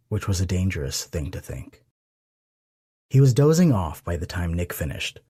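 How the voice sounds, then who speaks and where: A man narrating an audiobook romance in a soft, intimate reading. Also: low-pitched, expressive, normal speed, husky, dry recording, clean studio sound. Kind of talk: scripted narration.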